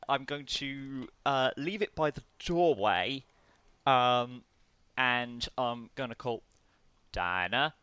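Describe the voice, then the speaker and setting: Bright-toned man giving orders in play. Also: mid-range voice, slow pace, clear, resonant tone. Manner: takes charge, hesitant restarts. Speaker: player. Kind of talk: casual tabletop role-play chat.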